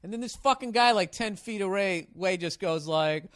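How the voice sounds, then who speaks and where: A man's voice: high voice, moderate pace, dry recording. Profane, rambling man with a dry sound. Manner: profane, rambling storytelling with loud excited outbursts. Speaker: podcast host. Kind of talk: casual comedic monologue.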